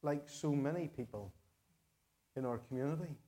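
A man with a Northern Irish accent preaching a sermon to his parish, earnest and measured, repeating key phrases for emphasis. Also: mid-range voice, dark tone. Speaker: pastor.

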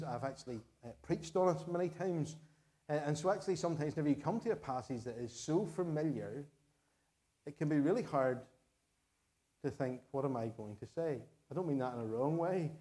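Northern Irish male pastor, mellow voice, earnest sermon delivery, repeats phrases for emphasis. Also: on the high side, animated, fairly quick.

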